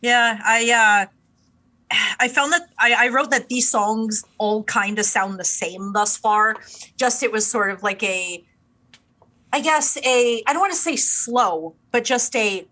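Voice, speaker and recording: A woman's voice: medium pitch, sharp tone, rough recording. A woman co-hosting a casual music review podcast, playful and self-deprecating, acting out her reactions. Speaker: podcast co-host.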